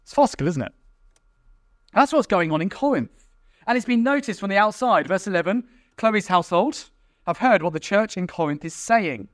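Animated man preaching a sermon. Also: sits high, no echo, studio quality. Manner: animated, acts out quarrelling church members in mocking voices.

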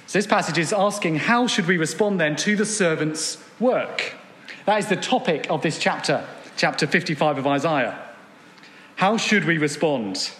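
A man's voice: on the high side, a bit bright. A man preaching an evening sermon, earnest, reading scripture aloud and asking rhetorical questions. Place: church gathering room. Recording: long hall reverb.

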